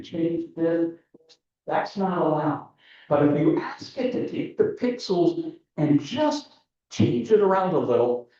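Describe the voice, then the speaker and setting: A fairly high, mellow male voice explains his verdicts on photography competition entries over a video call, full of enthusiasm and often beginning again. The sound is muffled, echoey and far off.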